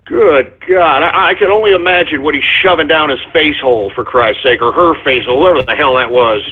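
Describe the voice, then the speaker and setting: A man's voice: on the high side, fairly quick, a little hiss or hum. A man hosting a talk radio show, ranting at callers in a profane, exasperated way. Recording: tinny phone-like line.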